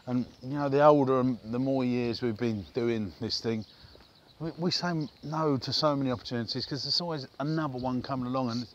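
A man's voice: medium pitch, a little fast, muffled recording, a little hiss or hum. Chatty joking man vlogging to camera. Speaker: business owner vlogging. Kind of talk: casual vlog to camera.

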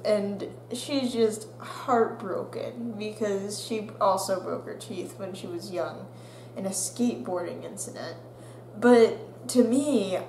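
An animated young woman tells a story slowly, laughing and acting out the voices of the people in it. Her voice sits a little high. The room is roomy and echoey, with a faint hum behind her. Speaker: vlogger. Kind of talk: storytime vlog.

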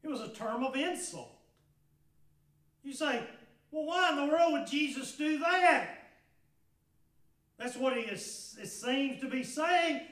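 A man with a Southern US accent preaching a sermon as pastor, building to fervent shouted peaks, recorded in a church sanctuary from a distance. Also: very high voice, animated, slow pace, long pauses. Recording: echoey church from far off.

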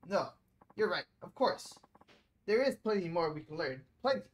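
A woman's voice: lowish voice, very animated, normal speed. A woman reading as a prim, pushy teacher. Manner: formal, correcting, salesy.

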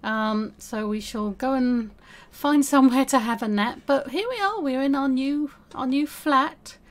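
A woman's voice: high voice, a little slow. A young woman chatting casually through a life-sim game as the host, talking to her character as she plays. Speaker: gaming video host. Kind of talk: casual let's-play commentary.

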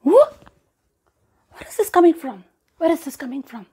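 Brief: flustered farmer in a fable, read by a woman, raised exclaiming voice, husky edge. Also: high-pitched, slow, a little mellow, pitched above the performer's own voice, exaggerated voice. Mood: startled. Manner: bewildered, exclaiming. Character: old farmer puzzled over his ginger.

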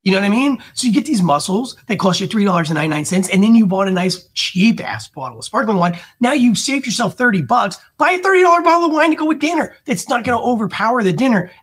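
Brief: husky guy, wide swinging pitch, animated podcast guest who swears a lot. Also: quick pace, few pauses. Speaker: wine guest. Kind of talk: casual podcast chat.

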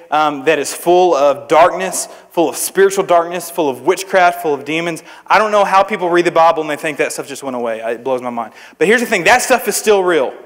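A man's voice: on the high side, fairly bright tone. A young man preaching a youth sermon, telling stories in a joking, self-deprecating, conversational way. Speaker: traveling preacher. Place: church service with audience. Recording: long hall reverb.

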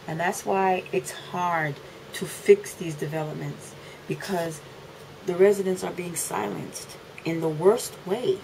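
A fed-up mother vents straight to the camera in a lowish voice. She hammers her points home by repeating them, one moment loud and defiant, the next low and weary. A faint background hiss sits under her voice. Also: fairly even intonation, a little slow, gravelly. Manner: indignant, repeats phrases for emphasis, swings from loud outbursts to low, weary lines. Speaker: mother making a video complaint. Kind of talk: emotional rant to camera.

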